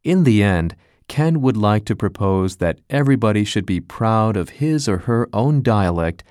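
A man reads an essay aloud as scripted narration, his voice sitting on the low side. He takes a measured, careful pace through each sentence. The sound is dry and close, with no room around it. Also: lively intonation, a little mellow, no room sound.

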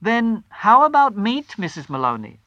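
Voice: medium pitch, wildly swooping pitch, normal speed, a bit bright, no room sound, muffled recording, pitched above the performer's own voice. A storyteller voicing a friendly, helpful male grocer behind a shop counter. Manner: genial, helpful shopkeeper talk.

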